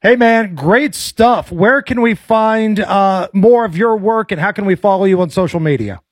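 A man's voice: high voice, moderate pace, dry recording. A man co-hosting a sports talk radio show in a radio studio, hyped and enthusiastic.

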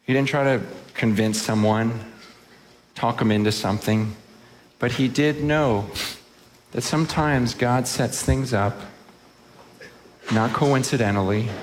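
A pastor with a mid-range voice preaches passionately, acting out the people and words he quotes. The recording has a long reverb tail and slight background noise.

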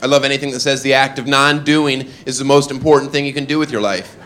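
A man doing a stand-up comedy set, mostly deadpan one-liners broken by sudden loud shouted character voices. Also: mid-range voice, quick pace. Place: comedy club stage before a live audience. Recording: live club recording with loud crowd.

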